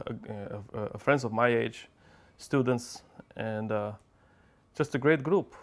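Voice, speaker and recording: A man from Lithuania speaking haltingly in a casual interview, with frequent pauses and fillers. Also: medium pitch.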